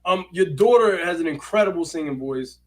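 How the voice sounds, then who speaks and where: A man's voice: a little high, expressive, a little fast, poor audio. A man co-hosting a casual podcast, playful and hyped, laughing often while he talks. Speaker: podcast co-host. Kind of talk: casual chat.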